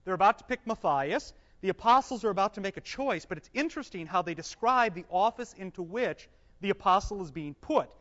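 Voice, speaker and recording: A Bible teacher giving a class to a live group, reading scripture aloud slowly, explaining it, and quizzing the room with questions he then answers himself. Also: mid-range voice, lively intonation, fairly bright tone. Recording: dull, echoey hall recording.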